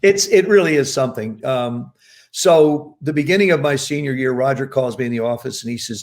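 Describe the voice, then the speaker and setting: A New Jersey man in his seventies, guesting on a podcast, tells long anecdotes in a casual storytelling interview. His mid-range voice moves briskly, and he acts out the people he quotes with lively emphasis.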